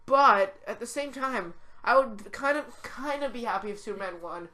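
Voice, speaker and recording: A teenage girl co-hosting a casual podcast, talking excitably and rambling with lots of "like". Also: a little high, normal speed. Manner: excitable, rambling, heavy use of "like". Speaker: podcast co-host. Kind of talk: casual chat.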